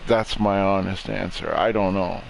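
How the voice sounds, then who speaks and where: A young adult man streaming a game, rambling through a profane, deadpan conspiracy rant. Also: low-pitched, normal speed, vocal fry, a little hiss or hum, rough recording. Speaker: gaming streamer. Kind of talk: casual chat while streaming a game.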